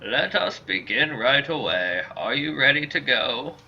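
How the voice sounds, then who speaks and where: A man voicing a gruff old male mercenary in a video game, with a slow, stately delivery. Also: mid-range voice, very animated, voice pushed up, exaggerated voice. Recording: dull lo-fi with faint hiss.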